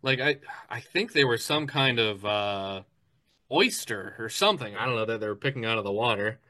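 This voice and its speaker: A man's voice: fairly low pitch, moderate pace, sharp tone. A man telling a story in casual podcast chat, rambling with lots of fillers and restarts.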